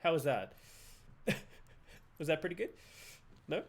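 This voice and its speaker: Brief: playful Australian male streamer, slow lively delivery, slightly high voice. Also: breathy edge. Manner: giggly, playful, jokey. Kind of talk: live game commentary.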